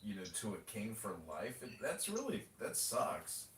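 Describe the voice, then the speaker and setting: A man's voice: lowish voice, wildly swooping pitch, moderate pace, a bit bright, distant mic. A man chatting casually on a podcast, rambling and mocking with plenty of profanity. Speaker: political candidate and podcast host. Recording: roomy audio from away from the mic with faint noise.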